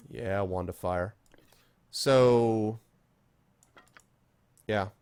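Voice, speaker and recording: A man's voice: medium pitch, animated, moderate pace, long pauses. A man streaming a game, chatting casually with viewers by name in a rambling way while he plays. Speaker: streamer reading chat while playing. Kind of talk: casual live-stream chat.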